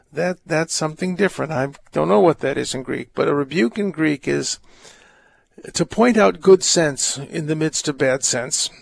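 An older man with a gravelly, slightly high voice hosts a call-in radio show as a priest. He talks casually and rambles, laughing often and tripping over his words. The sound is dry and close. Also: no room sound.

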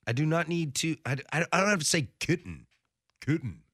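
Playful radio host, crisp bright delivery. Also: male voice, a little high, fast, dry recording, studio quality. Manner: playful, theatrical, overenunciates consonants. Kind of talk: bantering sports radio chat.

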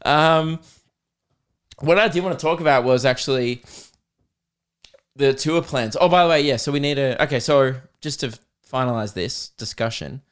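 A man's voice: medium pitch, normal speed, smooth. A young Australian man hosting a comedy podcast, rambling casually, swearing freely and cracking himself up. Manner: swears freely, self-amused, breaks into laughter.

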